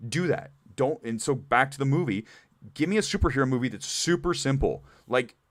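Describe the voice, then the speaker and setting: A man hosting a live movie talk show, chatting candidly to viewers with animated, rambling asides. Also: medium pitch, brisk, no echo, studio quality. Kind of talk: live-stream chat reading viewer comments.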